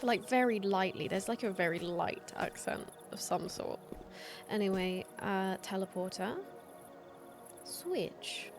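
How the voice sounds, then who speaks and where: A woman's voice: medium pitch, takes it slowly. A woman streaming a video game, talking through the puzzles in casual commentary, thinking aloud and trailing off mid-sentence. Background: game music.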